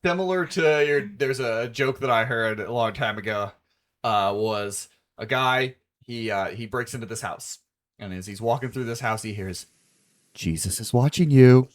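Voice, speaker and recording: Male stream co-host, mid-pitched, relaxed and chatty. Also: normal speed. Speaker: let's play co-host. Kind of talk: casual chat while gaming.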